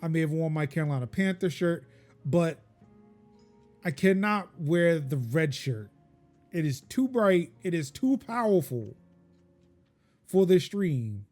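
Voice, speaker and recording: A man's voice: on the high side, expressive, unhurried, pauses often, a little mellow, soft background music. A man hosting a tech podcast in casual chat, jokey and self-deprecating. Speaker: podcast host.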